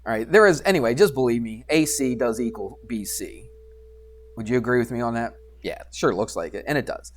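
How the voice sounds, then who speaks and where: A man's voice: mid-range voice, fairly quick. A man teaching a geometry lesson to his class in a chatty, self-deprecating way, often asking the students questions. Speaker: math teacher. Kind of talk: classroom lecture at a computer.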